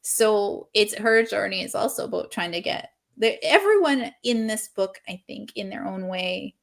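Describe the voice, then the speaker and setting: A woman's voice: medium pitch, normal speed, gravelly. A woman author being interviewed on a video call, talking earnestly and expressively about her writing, laughing often and thinking aloud. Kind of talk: casual interview chat.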